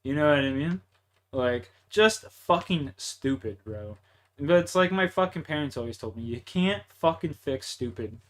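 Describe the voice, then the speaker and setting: Fired-up young Canadian streamer ranting. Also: male voice, on the high side, lively intonation, normal speed. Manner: profane, heated, frustrated ranting. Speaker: livestreamer. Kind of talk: ranting to livestream chat while gaming.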